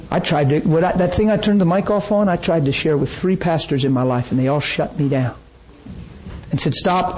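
A man's voice: a little high, rough recording. A man preaching a sermon in a church, telling stories and acting out the voices in them. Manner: animated storytelling, acts out quoted voices. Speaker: pastor.

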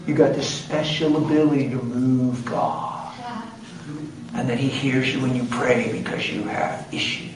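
A man's voice: medium pitch, steady tone, a little slow, a crowd in the background. A man preaching a sermon, telling a story with emphasis and acting out the quotes. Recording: roomy hall, distant mic, background noise.

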